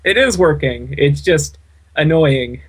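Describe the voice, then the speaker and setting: A man's voice: fairly high pitch, animated, slow pace, slightly rough. Dry-humored guy commentating a game replay. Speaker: gaming channel co-host.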